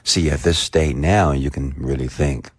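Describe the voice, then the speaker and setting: A man's voice: very deep voice, a little slow, breathy edge, no echo, clean studio sound. A man giving an emphatic motivational rant full of rhetorical questions. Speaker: motivational speaker.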